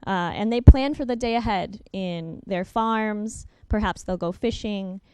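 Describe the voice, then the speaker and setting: A young adult woman giving a workshop presentation over slides, talking quickly with frequent ums and uhs and correcting herself as she goes. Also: mid-range voice, a little mellow, clear, resonant tone, no echo.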